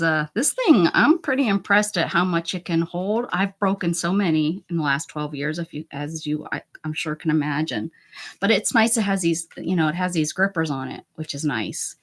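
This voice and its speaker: Female stream host at home: lively, breathy-edged voice, teasing and self-deprecating chatter. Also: fairly low pitch. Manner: chatty, self-mocking, laughs often, mutters softly to herself. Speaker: art channel host. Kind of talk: casual livestream chat.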